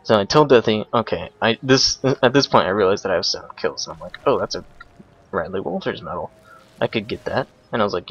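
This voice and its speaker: A young man casually commenting over a replay of his own game match, explaining each move in a relaxed way with frequent ums and uhs. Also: fairly low pitch, brisk, husky. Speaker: gameplay commentator. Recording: dull lo-fi recording with faint noise.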